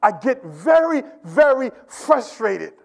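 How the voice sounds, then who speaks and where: A pastor preaching a Sunday sermon to his congregation, building from a quiet discussion into emphatic, repetitive calls and questions to the room. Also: very high-pitched, big pitch swings, slow, creaky.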